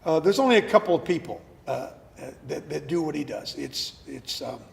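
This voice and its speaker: A man being interviewed as an actor guest, telling animated stories and often repeating words as he starts a sentence. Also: on the high side, fairly quick, creaky, long reverb tail. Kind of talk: casual interview chat.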